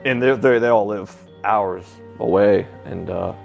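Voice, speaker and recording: A man telling a painful personal story as an interview guest, halting and breaking off with filler sounds, sounding close to tears. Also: fairly low pitch, vocal fry, dull audio, faint music behind. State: emotional, near tears. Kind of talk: emotional personal account.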